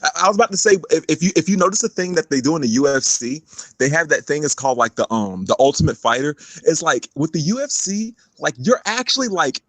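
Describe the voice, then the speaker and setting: A man in a casual boxing chat, lively and filler-heavy, saying "like" a lot. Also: a little high, fast, dry recording.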